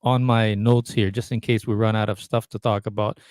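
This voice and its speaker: A man's voice: fairly low pitch, flat delivery, brisk, a little mellow, clean tone, no echo. A man co-hosting a casual podcast over a video call, rambling through his points with lots of restarts. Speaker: podcast co-host. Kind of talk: casual chat.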